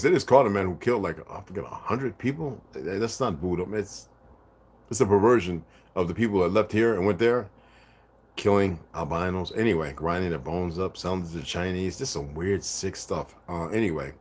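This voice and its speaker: Male host, low and husky, casual read-aloud with tangents. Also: brisk, darkish tone. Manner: rambling asides between read passages. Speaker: channel host reading aloud. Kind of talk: casual reading and commentary.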